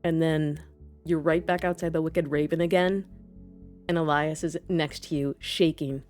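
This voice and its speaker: A woman's voice: sits low, fairly even intonation, normal speed, darkish tone, faint music behind. A woman narrating a tabletop game as game master, describing scenes vividly in the second person.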